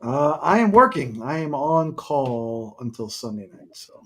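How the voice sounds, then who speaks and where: A man on a casual panel chat, talking in a lively, wry way. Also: medium pitch, measured pace.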